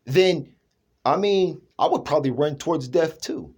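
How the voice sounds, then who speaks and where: A man's voice: a little high, moderate pace, darkish tone, slightly rough. A man talking in a rambling personal monologue, emphatic, restarting often and checking in with his listener. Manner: emphatic, keeps asking "you know what I'm saying".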